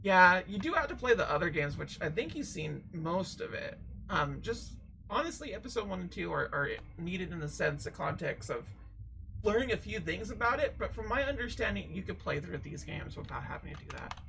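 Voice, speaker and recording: Woman, game streamer, casual chatty commentary, lively pitch, gravelly fry. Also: normal speed, a little hiss or hum, low-quality recording. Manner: rambling, chatty, laughs often. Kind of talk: casual let's-play commentary.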